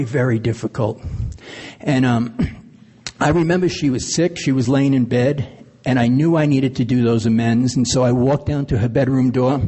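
A man shares his personal recovery story at an AA meeting, his mid-range voice dark and slightly rough. He speaks earnestly and plainly, laughing now and then, while long hall reverb colors the sound.

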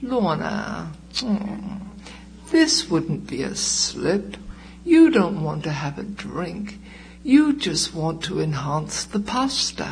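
A woman voicing her addiction as a sly, coaxing temptation in a whispered role-play, speaking softly and low. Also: very animated, takes it slowly, gravelly, a little hiss or hum, exaggerated voice, low-quality recording. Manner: soft, coaxing, lowered voice.

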